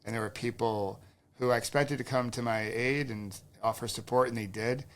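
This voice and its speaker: A man's voice: medium pitch, steady tone, moderate pace, fairly bright tone. A man hosting a podcast, asking thoughtful, empathetic questions and sharing his own experience. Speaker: podcast host. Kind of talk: interviewing, conversational.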